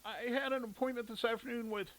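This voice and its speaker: A man voicing a sick, stressed, quick-tempered mother in a storybook reading, harried and coughing. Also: very high-pitched, steady tone, a bit bright, pitched above the performer's own voice, rough recording. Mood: on the phone.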